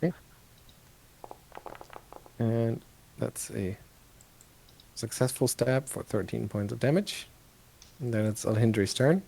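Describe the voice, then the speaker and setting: A man running a tabletop game as game master, briskly tallying damage and reading rules aloud. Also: mid-range voice, gravelly, mellow, a little hiss or hum.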